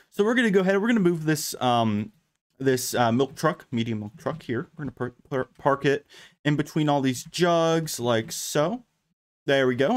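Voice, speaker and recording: Male gaming host, casual commentary over his own play, rambling and chatty, talks through each step. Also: a little high. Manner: chatty, thinks aloud with frequent fillers and restarts.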